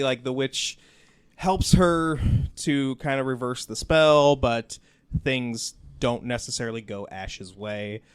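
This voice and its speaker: A man's voice: medium pitch, clear, resonant tone. A man hosting a podcast in casual chat, rambling with lots of fillers. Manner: rambling, lots of "like" and "you know". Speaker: podcast host.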